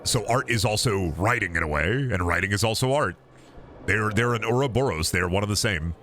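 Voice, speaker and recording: A young man casually commentating a game stream, swearing freely and jumping into high, excited yelps when something surprises him. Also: fairly quick, faint music behind.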